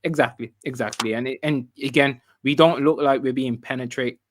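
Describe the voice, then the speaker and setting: A man hosting a football fan livestream in casual chat, relaxed and repeating phrases. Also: mid-range voice, a little fast, a little hiss or hum.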